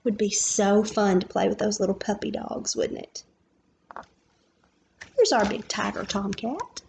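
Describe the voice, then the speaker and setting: A woman reading a picture book aloud to young children as their preschool teacher, in a gentle manner, stopping to ask questions and point out the pictures. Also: mid-range voice, normal speed, creaky, slight background noise.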